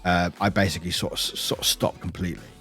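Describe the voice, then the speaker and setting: A man's voice: deep voice, fairly even intonation, fast talker, fairly bright tone, soft background music. A young British man casually chatting on his live stream, swearing freely, laughing often and calling out viewers by name. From United Kingdom.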